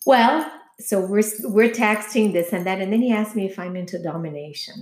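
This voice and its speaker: A woman's voice: mid-range voice, animated, fairly quick, hardly any pauses. A woman chatting casually, telling a candid, profane story full of quoted dialogue. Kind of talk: casual chat. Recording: echoey room.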